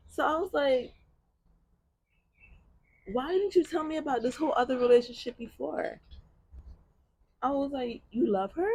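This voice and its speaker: A woman telling a personal story in casual chat, blunt and profane, with an animated delivery. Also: high voice, normal speed, long pauses. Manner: blunt, profane, animated retelling with bursts of laughter.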